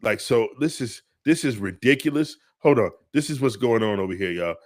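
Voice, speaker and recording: A man co-hosting a casual podcast, talking in an animated way, repeating himself and laughing often. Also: mid-range voice, moderate pace. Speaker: podcast co-host. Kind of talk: casual chat.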